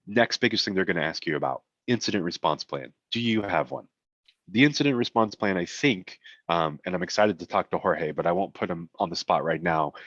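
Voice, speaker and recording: A man's voice: low-pitched, fairly bright tone, no echo, dull audio. A man presenting a cybersecurity webinar in a conversational way, with joking asides, his voice getting tired. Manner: conversational, self-deprecating asides.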